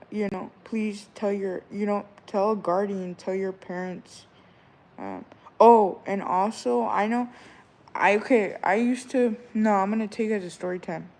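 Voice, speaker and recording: Speaking in a medium-pitched voice with a dark tone, a woman in her twenties vlogs casually to her viewers. Her advice rambles along, and she often checks in with "all right?"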